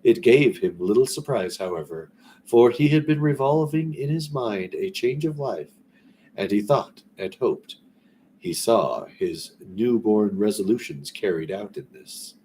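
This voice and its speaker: A man reading a classic story aloud in a relaxed way, breaking off now and then for rambling, conversational asides. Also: fairly low pitch, measured pace, a little hiss or hum. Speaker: story reader.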